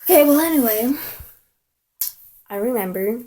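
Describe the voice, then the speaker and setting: A woman's voice: a little high, lively intonation, normal speed, warm tone. A woman telling a personal story in a rambling, casual way, full of "like" and "I'm all like". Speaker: vlogger.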